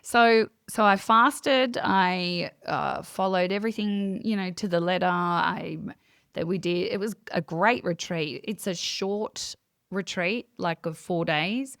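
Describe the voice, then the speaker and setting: A woman guest on a conversational podcast, telling a personal story in an animated way and acting out her own quoted thoughts. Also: on the low side, slow, smooth, no room sound, clean studio sound. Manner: many fillers and restarts. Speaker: guest, psychic medium. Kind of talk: casual interview storytelling.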